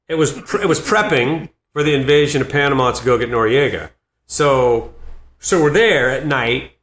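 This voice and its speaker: A man in his fifties, a comedian and former Marine, spins animated anecdotes in an interview and laughs between lines. His voice sits in a middle range. The recording has a roomy echo. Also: mid-range voice, normal speed. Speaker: comedian and Marine veteran guest. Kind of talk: storytelling interview.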